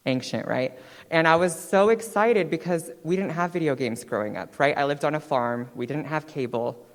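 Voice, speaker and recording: A woman in her twenties, a guest speaker telling her own story on stage in a chatty, animated way, often checking in with "right?". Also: low-pitched. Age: 20s. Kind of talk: personal storytelling talk. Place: stage in a hall. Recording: long hall reverb.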